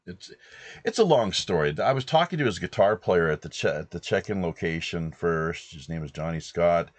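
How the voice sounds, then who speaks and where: A man in his fifties from British Columbia, hosting and rambling through a relaxed anecdote. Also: low-pitched, moderate pace, no room sound. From British Columbia, Canada. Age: 50s. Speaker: host. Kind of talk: casual anecdotal chat.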